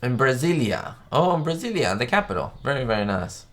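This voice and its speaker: A man's voice: mid-range voice, very animated, fairly quick. A man hosting a live stream, chatting enthusiastically in a casual way and reading out viewer questions.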